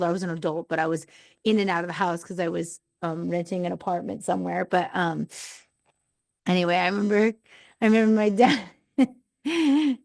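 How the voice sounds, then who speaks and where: A woman's voice: on the high side, no room sound. Chatty woman telling stories. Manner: chatty, animated retellings with laughs. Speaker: podcast host. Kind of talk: casual personal storytelling.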